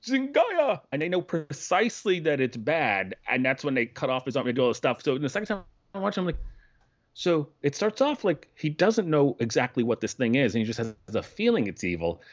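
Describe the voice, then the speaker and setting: A man's voice: mid-range voice, sing-song, fairly quick. A man co-hosting a podcast, chatting casually about a film, rambling and breaking off his sentences, often laughing. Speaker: podcast co-host. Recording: dull lo-fi sound.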